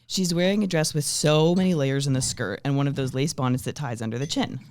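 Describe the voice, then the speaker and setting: A man reading stage directions aloud at a comedy table read, in a deadpan manner that often cracks into laughter. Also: medium pitch, a little fast. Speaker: script reader.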